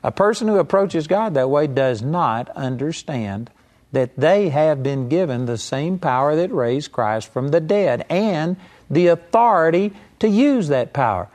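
A man's voice: a little high, lively intonation, a little slow, a little mellow. Earnest man preaching a sermon. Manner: earnest, mimics whiny pleading voices in quotes. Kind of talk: sermon teaching.

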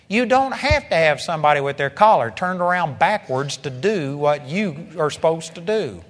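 Impassioned preacher man in a reverberant hall. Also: a little high. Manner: impassioned, repetitive, rising to emphatic peaks. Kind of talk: sermon. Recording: long reverb of a large hall.

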